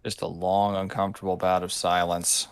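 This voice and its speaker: Game master, male, low pitch, calm dry delivery, close dead-sounding mic. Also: normal speed, gravelly, clear, resonant tone, dry recording. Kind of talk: narrating a tabletop game.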